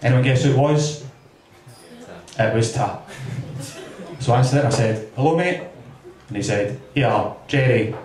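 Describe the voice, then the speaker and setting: Scottish comic, chatty, in a roomy club. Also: male voice, mid-range voice, moderate pace, long pauses, a little mellow. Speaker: stand-up comedian. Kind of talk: stand-up routine. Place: comedy club stage. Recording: roomy club sound from far off.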